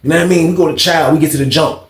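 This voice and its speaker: A man casually telling a story in an animated, profane, slang-heavy way. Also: on the high side, racing. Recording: roomy echo.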